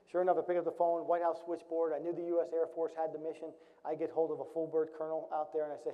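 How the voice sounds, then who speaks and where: Speaking fast with few pauses, this middle-aged former Marine officer recounts a grave episode from his time in uniform at a storytelling event, his humor dry and wry. His slightly high voice has a warm tone and fairly level intonation. Long hall reverb fills the muffled recording.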